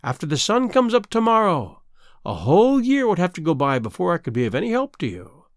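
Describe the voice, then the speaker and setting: A man's voice: high-pitched, huge pitch swings, a little fast, no echo, clean studio sound, heavily acted. A man voicing a cruel, mocking old female sea witch in a storybook reading, with a gloating, menacing delivery.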